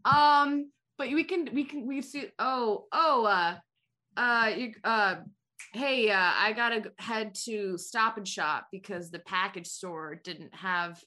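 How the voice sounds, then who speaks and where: A woman's voice: a little high, slow, bright, forceful tone. A woman from Connecticut, co-hosting a casual chat and rambling through jokes with lots of giggling. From Connecticut, USA. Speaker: podcast co-host.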